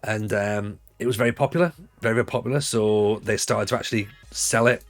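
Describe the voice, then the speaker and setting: Northeast english guy, 40s, rambly livestream chat, lowish voice, bit of music behind. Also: a little fast. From Northeast England. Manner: rambling, chatty, laughs easily.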